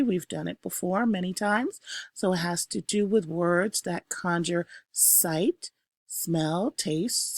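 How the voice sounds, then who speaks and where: A woman teacher recording a review lesson, calling out each term with emphasis and then explaining it slowly with the odd filler. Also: lowish voice, dry recording, studio quality. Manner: slow, explanatory, punches each new term.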